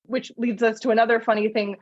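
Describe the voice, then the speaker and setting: A woman podcast host in casual chat, telling film trivia in a lively storytelling way with frequent laughs. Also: fairly high pitch, fast, no echo, lo-fi sound.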